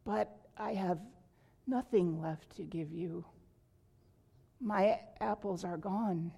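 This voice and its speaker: A woman reading aloud and voicing a gentle, giving female apple tree in a tender, slow storybook manner. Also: on the low side, vocal fry, breathy edge, exaggerated voice. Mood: sorrowful.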